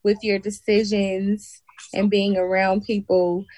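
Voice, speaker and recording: A woman on a video call, talking in a slow, encouraging, faith-minded way in a casual chat. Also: medium pitch, flat delivery, darkish tone, a little hiss or hum, rough recording.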